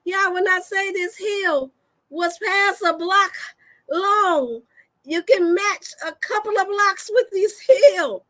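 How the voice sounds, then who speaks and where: A woman, a wellness host telling an animated, folksy story to her listeners and laughing often. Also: very high voice, takes it slowly. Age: 40s. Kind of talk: storytelling to a live audience.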